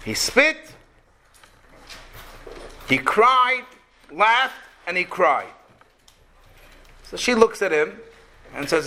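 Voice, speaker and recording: A man teaching a Torah lesson, retelling a story as a lively storyteller who asks his listeners rhetorical questions. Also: sits high, very slow, pauses often, a little hiss or hum.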